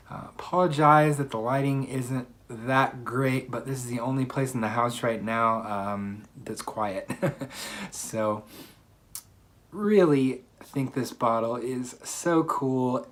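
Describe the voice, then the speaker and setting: A man vlogging a casual unboxing from a quiet room at home, chatty and upbeat, with plenty of ums and uhs. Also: mid-range voice. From United States. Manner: chatty, upbeat, many fillers. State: slightly out of breath. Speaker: fragrance reviewer.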